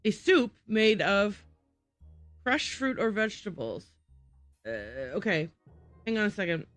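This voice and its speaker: Woman streamer, unhurried and musing, dry close mic, soft music under her. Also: medium pitch, lively intonation, dry recording. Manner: thinking aloud, muttering over word puzzles. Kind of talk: casual gameplay livestream.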